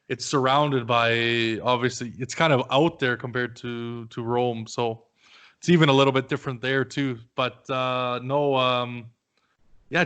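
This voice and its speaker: A man hosts a relaxed podcast conversation. He talks loosely and casually, drops the odd curse word, and chuckles through his own anecdotes. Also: mid-range voice. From Canada. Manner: chatty, swears casually, laughs while telling stories. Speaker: podcast host.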